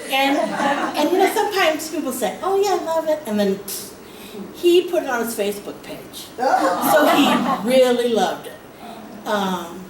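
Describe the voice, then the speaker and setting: A woman tells stories to a meeting in a chatty, laughing way, her voice pitched a little high. She sounds far from the mic in an echoey hall, with a faint hiss behind her. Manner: chatty, laughing storyteller with fillers. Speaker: guild member speaking on charity.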